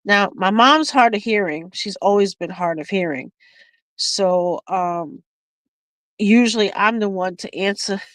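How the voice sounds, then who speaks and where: A woman's voice: mid-range voice, measured pace, fairly bright tone, no room sound, rough recording. A woman hosting a casual beading stream, telling a family story with lots of laughter and restarts. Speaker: craft livestream host. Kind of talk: casual chat while beading.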